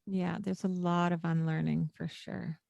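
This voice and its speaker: Lower-voiced woman coaching parents. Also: little pitch movement, unhurried, creaky, dry recording, muffled recording. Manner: warm, coaching tone with acted-out lines to a child. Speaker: parenting podcast co-host. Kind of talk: casual podcast chat.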